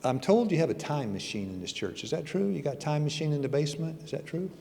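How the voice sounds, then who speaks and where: A man's voice: a little high, expressive, fast, gravelly, darkish tone. A man in his sixties, a church elder, giving a folksy, joking sermon with his personal testimony. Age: 60s. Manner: folksy, joking, conversational preaching. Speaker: church elder and guest speaker. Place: church sanctuary. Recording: long reverb of a church hall.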